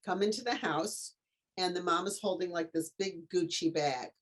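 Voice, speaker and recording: Speaking at normal speed in a lowish voice, a middle-aged author and tutor, appearing as an interview guest, tells a story with lots of animation, performing the voices of its characters.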